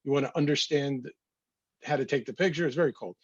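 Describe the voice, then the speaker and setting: A man's voice: mid-range voice, quick pace, husky, no echo, muffled recording. A man, a photographer talking casually through his slides with wry, anecdotal asides. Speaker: photographer presenting his work.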